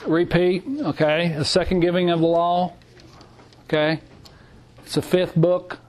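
A man's voice: high voice, flat delivery, a little slow, a little mellow. A middle-aged man teaching a Bible class, emphatic and repetitive, reading scripture aloud. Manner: emphatic, repeats phrases, reads scripture aloud. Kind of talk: sermon.

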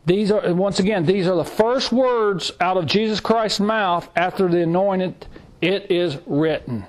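High-voiced man preaching emphatically. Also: a little slow. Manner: emphatic, repeats phrases, reads scripture aloud. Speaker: Bible teacher. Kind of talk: sermon.

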